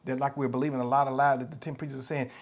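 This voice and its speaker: A man's voice: mid-range voice, little pitch movement, very fast. A man with a Southern US accent preaching a sermon, emphatic and repetitive, acting out the voices of the people he quotes. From United States. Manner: passionate, emphatic, repeats phrases, acts out quoted voices. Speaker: pastor.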